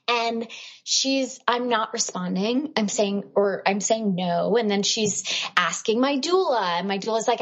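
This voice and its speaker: A woman guest on a podcast, telling a personal story in a lively way and acting out what other people said. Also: a little high, moderate pace, dull audio. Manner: animated, acts out what others said.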